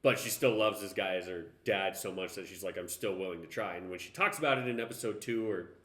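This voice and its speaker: A man's voice: fairly low pitch, fast talker, fairly bright tone, reverberant. A young man co-hosting a podcast, chatting casually about a TV show, rambling and swearing often. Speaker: podcast co-host. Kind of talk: casual chat reviewing a TV show.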